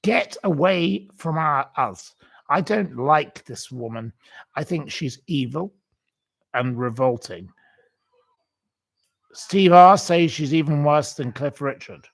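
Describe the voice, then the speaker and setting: Slow gravelly man ranting. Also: on the high side, lively intonation. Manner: blunt, insulting, repetitive ranting. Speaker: livestream host reading viewer comments. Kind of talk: casual live-chat rant.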